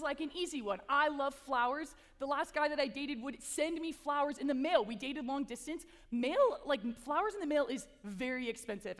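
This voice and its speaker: A young woman in her twenties giving a casual, chatty sermon to an audience, talking in an animated way with lots of "like" and "right?". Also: sits high. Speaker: speaker. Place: large hall before an audience. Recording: long hall reverb.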